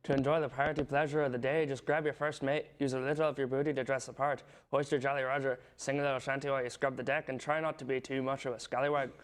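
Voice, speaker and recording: A man's voice: medium pitch, level tone, quick pace, few pauses, smooth. A teenage boy reading a scripted newscast as a student anchor in a school broadcast studio, in a playful, upbeat way. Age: teens.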